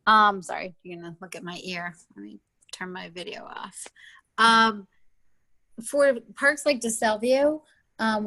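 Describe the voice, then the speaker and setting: A woman's voice: mid-range voice, a bit bright, dry recording. A woman on a video call asks a hesitant, apologetic question at a board meeting. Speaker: board member asking a question.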